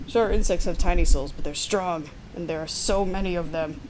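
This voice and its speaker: A woman's voice: on the low side, normal speed, a little mellow, a little hiss or hum, natural voice, rough recording. A woman reading a sly, wheedling office schemer. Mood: manipulative. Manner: smooth, wheedling, feigned friendliness. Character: scheming male office worker, sly and manipulative. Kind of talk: reading an interactive text game aloud.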